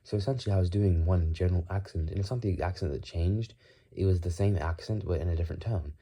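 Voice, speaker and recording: A man rambles calmly in a put-on British accent, his voice low and mellow. His questions come out with an inquisitive lilt. His mouth sounds dry as he speaks. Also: fast talker. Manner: calm, musing, inquisitive tone. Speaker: video creator. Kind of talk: rambling solo monologue.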